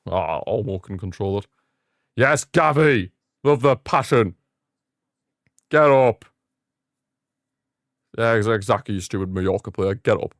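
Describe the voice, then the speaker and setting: A young man hosting a live football watchalong, giving excitable fan commentary and ranting at the referee. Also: lowish voice, a little slow, pauses often, dry recording, studio quality. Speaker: watchalong host.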